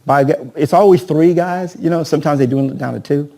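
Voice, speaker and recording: An energetic man coaching a room full of agents, his voice pitched a bit high yet dark and mellow in tone. He keeps throwing questions at the crowd and acts out sales scripts with a volunteer. He teaches in a lively seminar style. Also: brisk, gravelly. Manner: energetic, peppers talk with "right?" and questions to the audience. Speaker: real estate trainer.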